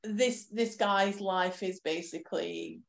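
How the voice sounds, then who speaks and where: A woman in casual conversation, talking in an animated, lively way. She restarts her sentences often. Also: fairly low pitch, slow pace, vocal fry. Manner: chatty, animated retelling, frequent restarts. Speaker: podcast co-host. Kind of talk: casual chat.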